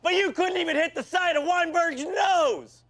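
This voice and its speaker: An actor playing a foul-mouthed, abusive male football coach who yells profane insults at his team in a comedy sketch. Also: very high-pitched, normal speed, a loud crowd. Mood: ranting. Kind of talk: shouted sketch comedy acting.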